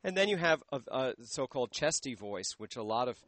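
A man, a voice teacher, explaining singing technique in a radio interview into a handheld microphone, pausing often to search for words. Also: mid-range voice, sing-song, a bit bright, no echo.

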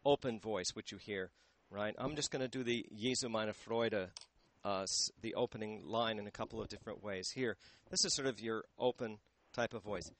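A man, a voice teacher, explaining singing technique in a radio interview into a handheld microphone, pausing often to search for words. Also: on the low side.

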